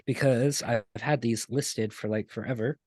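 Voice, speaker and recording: Halting game master narrating a scene. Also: male voice, medium pitch, fairly even intonation, a little mellow, slightly rough, no echo, studio quality. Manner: loose, halting narration with many fillers.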